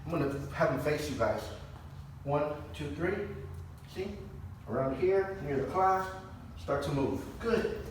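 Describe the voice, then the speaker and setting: Man calmly explaining dog training. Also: unhurried, pauses often, a little hiss or hum. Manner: calm explaining, with bursts of high-pitched praise. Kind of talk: live training demonstration. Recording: echoey, distant camera mic.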